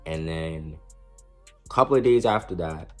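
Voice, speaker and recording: A man's voice: a bass voice, animated, normal speed, fairly bright tone, faint music behind. A young man casually telling a storytime about his past, slangy and self-mocking, with frequent restarts. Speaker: storyteller vlogger.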